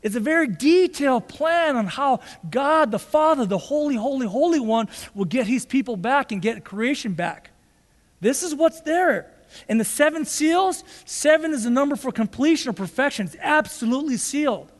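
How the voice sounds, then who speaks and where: A male pastor delivers an emphatic sermon, driving his points home with repeated rhetorical questions. His voice sits very high for a man. It rings out with a long reverb, as if in a large church sanctuary. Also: expressive, normal speed.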